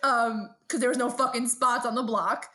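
A woman with a New York accent co-hosting a casual podcast. She tells animated, profane stories about her neighborhood in a chatty, conversational way. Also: a little high, normal speed. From Brooklyn, New York. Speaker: podcast co-host. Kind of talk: casual chat.

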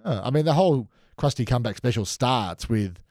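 A man's voice: medium pitch, expressive, fairly quick, a little mellow, dry recording, clean studio sound. A man talking as a podcast guest, giving an opinionated, analytical critique. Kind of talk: casual chat reviewing episodes.

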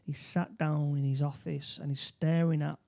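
A man chatting casually about a movie, his voice on the darker, mellow side. He stops and restarts his sentences often, then drops into quick quoted lines from the characters. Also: a little high, little pitch movement, gravelly. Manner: halting, many restarts, acts out quotes. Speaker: podcast co-host. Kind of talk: casual film discussion.

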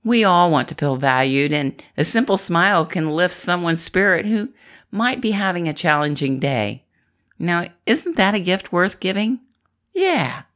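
Fairly low in pitch with a fairly bright tone, a middle-aged woman from the Midwest speaks to camera as an inspirational vlogger. Her upbeat motivational talk is chatty and encouraging, full of laughter.

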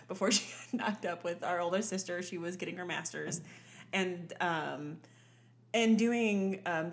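A woman in her thirties from the Southern US, chatting casually with no Southern accent, animated and laughing a lot. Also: lowish voice. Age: 30s. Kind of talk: casual chat.

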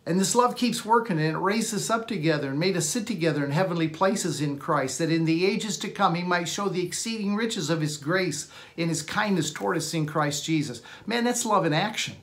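A man's voice: a little high, expressive, brisk, few pauses, a bit bright. A man preaching a Sunday sermon, reading scripture aloud and explaining it with earnest emphasis. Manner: earnest preaching, reads scripture aloud, repeats words when restarting. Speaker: pastor.

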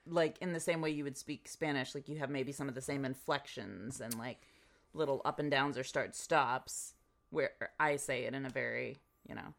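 Low-voiced American woman, teasing. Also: normal speed, gravelly. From United States. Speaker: podcast co-host. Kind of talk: casual chat.

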